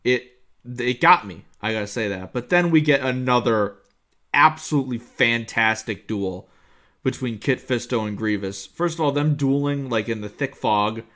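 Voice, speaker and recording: A man co-hosting a casual chat show, talking with excitement and wandering through his points with plenty of fillers. His voice sits at an ordinary middle pitch. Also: normal speed. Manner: enthusiastic, rambling with many fillers. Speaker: podcast co-host. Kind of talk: casual chat reviewing an episode.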